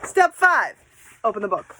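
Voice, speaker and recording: A woman teaching children how to read aloud with a buddy, in an animated, sing-song and encouraging way. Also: medium pitch, measured pace, slight background noise. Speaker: reading teacher.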